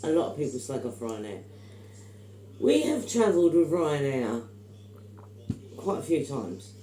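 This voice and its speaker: Middle-aged woman, emphatic storyteller, mellow tone, echoey room. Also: rumbling low, very animated, a little slow, slight background noise. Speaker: vlogger. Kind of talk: casual chat.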